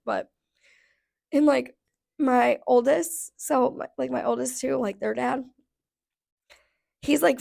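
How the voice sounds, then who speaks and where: Gravelly-voiced woman ranting, blunt and profane. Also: high voice. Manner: blunt and profane, heavy filler "like". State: voice going hoarse. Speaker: vlogger. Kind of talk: casual storytime rant.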